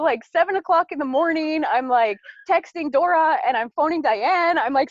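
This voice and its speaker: Woman, 30s, mother, casual testimony, chatty, lots of "like", slightly high voice, muffled sound. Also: animated, a little fast, hardly any pauses, no room sound. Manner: chatty, many "like"s, acts out her own past thoughts. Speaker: mother sharing a personal testimony.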